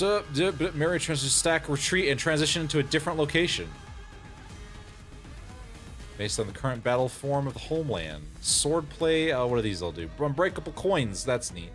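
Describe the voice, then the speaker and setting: A male streamer chats casually through a game, reading its text aloud and laughing often. His pitch moves in an animated way, and there is faint music in the background. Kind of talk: casual gaming stream commentary.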